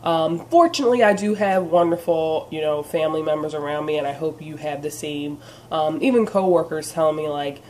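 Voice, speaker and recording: A woman's voice: low-pitched, brisk, a little mellow, slight background noise. Congested nasal woman vlogging to camera. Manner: earnest, encouraging, lots of fillers like um and you know. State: congested, nasal voice from a sinus problem. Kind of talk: casual direct-to-camera chat.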